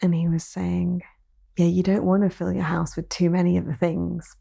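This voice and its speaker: A woman's voice: lowish voice, little pitch movement, normal speed, gravelly, mellow, husky. A woman hosting a podcast, talking in a reflective, casual way and laughing easily. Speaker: podcast host. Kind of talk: casual conversation.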